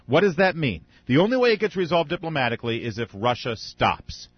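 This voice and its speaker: A man's voice: fairly high pitch, big pitch swings, brisk, few pauses, husky, dry recording. A man hosting political talk radio, delivering sarcastic, mocking commentary with frequent asides. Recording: dull radio broadcast sound.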